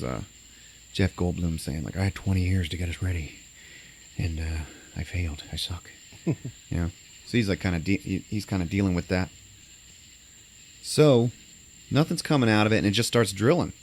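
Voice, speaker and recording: A man's voice: sits low, a little mellow. A man casually recapping a movie on a podcast, rambling with lots of fillers and acting out lines. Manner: rambling, many fillers, acts out quotes.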